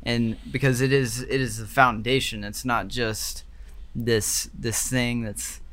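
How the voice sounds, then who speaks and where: A man's voice: medium pitch, steady tone, slow pace, fairly bright tone. A young American man co-hosting a faith podcast, speaking earnestly and rambling with many fillers. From United States. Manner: earnest, rambling, lots of "like" and "you know". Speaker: podcast co-host. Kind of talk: casual faith podcast chat.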